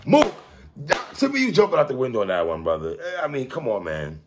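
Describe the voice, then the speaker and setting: A man hosting a casual hip-hop commentary monologue, animated and quick to laugh and exclaim. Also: medium pitch, background noise.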